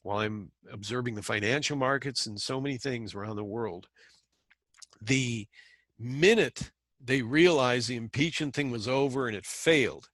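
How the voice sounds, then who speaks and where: A man's voice: mid-range voice, moderate pace, a bit bright, dry recording. A middle-aged man hosting a channel, talking in a rambling, conversational monologue with sarcastic asides. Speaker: channel host. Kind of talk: casual monologue commentary.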